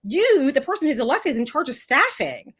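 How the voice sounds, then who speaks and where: A woman's voice: sits high, very animated, brisk, fairly bright tone. A woman who is a political candidate, talking as a guest in a casual live chat interview, emphatic and outspoken.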